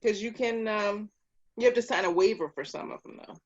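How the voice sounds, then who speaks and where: A woman's voice: medium pitch, a little fast, lo-fi sound. Laughing woman telling stories. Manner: laughing, lively storyteller. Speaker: co-host. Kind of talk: casual chat.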